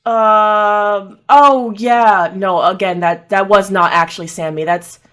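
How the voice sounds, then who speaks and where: Slow-talking woman game master. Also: medium pitch, fairly even intonation, fairly bright tone. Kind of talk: narrating a tabletop game.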